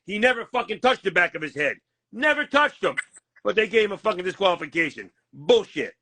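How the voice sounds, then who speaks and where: A man's voice: sits high, big pitch swings, fairly quick, pushed and bright, dry recording. Blunt, profane man in a heated interview. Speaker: boxing manager.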